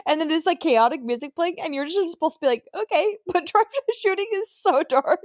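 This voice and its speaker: A young woman, co-hosting a podcast in casual chat, animated and acting out quoted lines. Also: very high voice, fast talker, no echo, studio quality. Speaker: podcast co-host.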